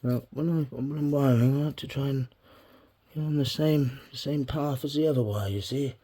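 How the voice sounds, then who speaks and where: This bonsai hobbyist vlogger has a mid-range, dark-toned voice and speaks at a moderate pace. He talks casually to the camera while wiring a tree, often swearing and talking to himself.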